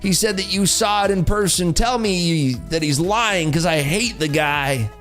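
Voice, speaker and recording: A man's voice: sits high, a little slow, soft background music, voice pushed up. A man voicing an angry, jealous male viewer who hates the streamer. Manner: shouting, whiny.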